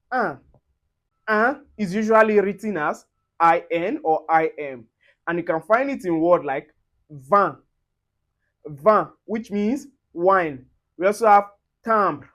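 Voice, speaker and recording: Man teaching, slow and careful. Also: sits high. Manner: slow, careful repetition of example words. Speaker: French tutor. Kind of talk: pronunciation lesson.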